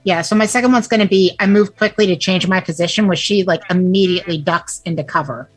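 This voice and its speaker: A woman's voice: fairly low pitch, fast, husky, soft background music. A woman player in a tabletop game, talking casually and chattily. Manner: chatty, laughs, swears.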